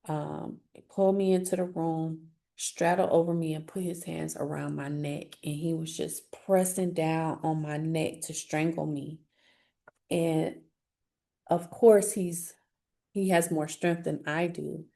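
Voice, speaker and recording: A woman with a low, darkly mellow voice tells her own story in an interview. Her delivery is earnest and halting, full of restarts, and a gravelly fry runs through her speech. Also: steady tone. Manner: earnest, halting, grows emotional. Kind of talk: personal testimony.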